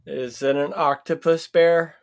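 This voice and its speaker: A young man playing a tabletop game, giving laconic, deadpan answers. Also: on the high side, unhurried, gravelly. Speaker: player. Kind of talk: casual chat at a tabletop game.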